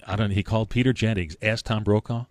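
A man's voice: fairly low pitch, fairly even intonation, fast, darkish tone, no room sound. A middle-aged man hosting a radio show, chatting casually and telling stories with frequent laughter. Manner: chatty, storytelling, laughs often. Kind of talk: casual banter on air.

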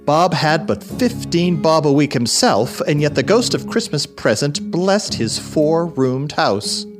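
Guy telling a story, really animated, pitch all over, soft music in back. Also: a little slow. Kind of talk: scripted narration of a classic story.

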